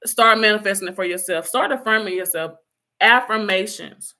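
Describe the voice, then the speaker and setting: A woman's voice: medium pitch, moderate pace, bright, forceful tone. A middle-aged woman life coach giving an emphatic motivational talk, repeating her calls to action and sometimes laughing at herself. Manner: emphatic, repetitive exhortations, slips into laughter and self-teasing.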